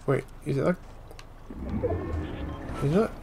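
A young man giving casual, jokey commentary while playing a game, swinging between muttering and yelling. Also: on the high side, slow, vocal fry, soft background music. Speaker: gaming channel host.

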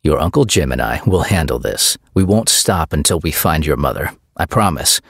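A man's voice: extremely low pitch, animated, normal speed, gravelly, fairly bright tone, slightly rough, no room sound, studio quality, heavily acted. A man voicing a firm, protective middle-aged father who speaks in a stern, commanding way. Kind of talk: audiobook character voice.

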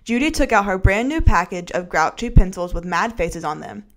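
A woman narrating a children's chapter book aloud with clear, expressive storytelling. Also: medium pitch, normal speed. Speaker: student narrator.

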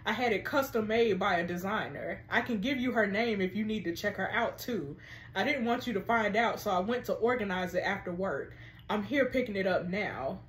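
A woman's voice: medium pitch, normal speed, natural voice. A woman reading out the text messages of a defensive, accusing boyfriend, in a roomy, echoey space. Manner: read aloud from text messages. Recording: roomy echo.

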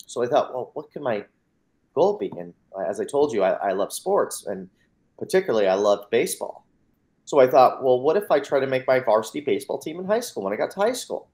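An American mindset coach, appearing as an interview guest, tells his personal story in an earnest, emphatic way. His medium-pitched voice is a little mellow, and he acts out the dialogue, often repeating words as he begins.

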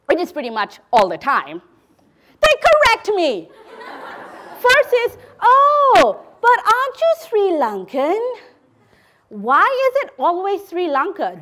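A young woman from Malaysia performing a spoken word monologue on stage, sarcastic and lively, growing quiet and solemn. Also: high voice. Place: theater stage.

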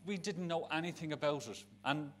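A man's voice: fairly high pitch, brisk, slight background noise. Frank middle-aged Dublin man. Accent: Dublin Irish. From Ireland. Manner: frank and emotional, rambling with restarts. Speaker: speaker at a charity event. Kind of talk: personal talk to an audience. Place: live event on stage.

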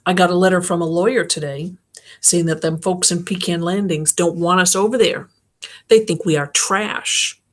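A heartbroken mother with a stern, scolding manner, read by a woman narrating a novel. Her voice sits low and steady. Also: moderate pace, close to an everyday voice. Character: angry, heartbroken mother of a teen girl.

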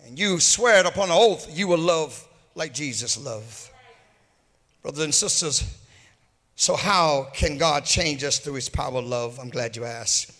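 A pastor preaching a sermon, rising into sung and shouted peaks, recorded in a church sanctuary. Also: male voice, on the high side, animated, unhurried. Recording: hall reverb from a church livestream.

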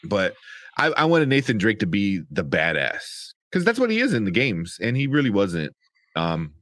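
A man's voice: fairly low pitch, huge pitch swings, normal speed, a bit bright, dry recording, studio quality. A man co-hosting a podcast review, rambling in casual chat with lots of fillers, swearing and laughter. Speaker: podcast co-host reviewing a movie.

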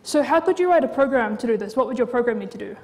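A woman's voice: a little high, animated, rapid-fire, a little mellow. A woman lecturer teaching a class in a casual, chatty way with frequent fillers. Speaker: university lecturer. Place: lecture hall. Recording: lecture hall reverb.

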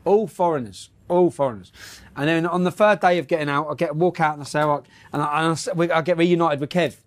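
Brash, profane male commentator with a fairly high voice. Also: fast. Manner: brash, profane, laughing asides. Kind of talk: casual news commentary and anecdote.

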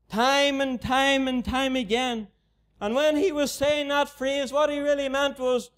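A Northern Irish man preaching a gospel sermon in a mission tent. His voice sits very high and holds a flat, even line. He repeats his appeals to the unbeliever with steady earnestness. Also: unhurried.

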